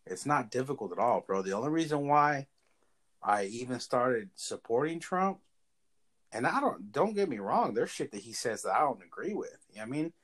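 A man's voice: mid-range voice, sing-song, normal speed, fairly bright tone. A man in casual chat, blunt and emphatic, swearing often. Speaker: podcast co-host.

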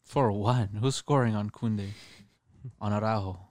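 A man's voice: lowish voice, moderate pace, a little mellow, no echo, studio quality. A man on a casual football podcast, laughing and teasing the others between picks. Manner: laughs often, teasing banter. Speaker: podcast co-host. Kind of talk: casual sports prediction chat.

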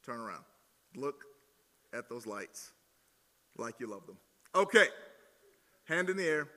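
Southern male pastor, bright and forceful voice, joking with the crowd, big hall reverb. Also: mid-range voice, a little slow. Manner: jokey, teasing, energetic with crowd. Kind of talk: playful sermon with audience demo. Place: large hall at student gathering.

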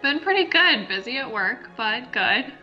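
A woman's voice: on the high side, sing-song, a little slow, lo-fi sound, faint music behind. A young woman from Ohio, a guest on a podcast, answering in a friendly, casual way and laughing easily. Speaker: interview guest. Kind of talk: casual interview chat.

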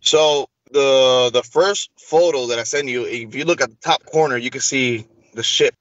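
A man with a mid-range voice, speaking at normal speed over lo-fi sound, gives an interview host a long personal story. His delivery is casual and animated, and he acts out what people said.

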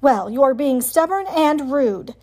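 A woman voicing a practical, firm mother beaver in a storybook reading, brisk and no-nonsense. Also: sits high, expressive, a little mellow.

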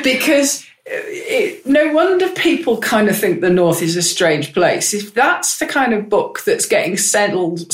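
Upbeat woman in a roomy office. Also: mid-range voice. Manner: enthusiastic, chatty, upbeat advocate. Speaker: member of parliament, guest. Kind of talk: candid conversational interview. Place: her constituency office.

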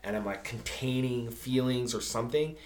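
A man co-hosting a casual podcast, speaking openly and haltingly about personal feelings, often restarting and laughing between thoughts. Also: medium pitch, darkish tone, echoey room, slight background noise. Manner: open, searching, restarts often, laughs while talking. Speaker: podcast co-host. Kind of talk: casual chat.

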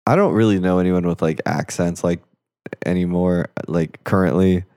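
An American man chatting on a podcast in a laid-back, halting way, with filler words throughout. His voice sits very low. The sound is dry. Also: fairly even intonation, a little mellow, clear, resonant tone, dry recording. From United States. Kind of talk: crude casual banter.

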